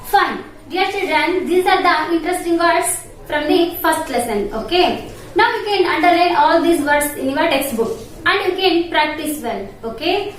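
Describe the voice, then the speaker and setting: A woman's voice: very high voice, animated. A woman with an Indian English accent teaching an online English class to young children, spelling each word letter by letter and repeating it. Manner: slow, spells words letter by letter and repeats them. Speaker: primary school English teacher. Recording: echoey room, distant mic, faint noise.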